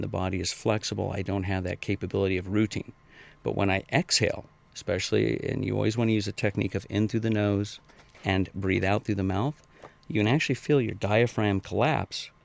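Low gravelly man, rambling trainer. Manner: rambling, acts out quoted people in high voices. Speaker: martial arts and fitness trainer. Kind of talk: casual interview answers.

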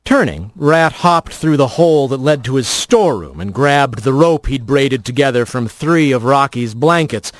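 A radio host narrating a serialized fiction story in a measured, expressive reading. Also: mid-range voice, dry recording.

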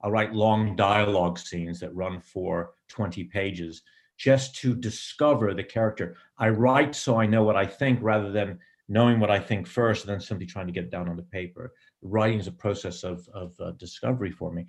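Middle-aged guy with a lowish voice, screenwriter talking through his process, lots of ums, wanders a bit. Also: moderate pace. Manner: thoughtful, digressive, many ums. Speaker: screenwriter and director. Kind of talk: reflective interview answers.

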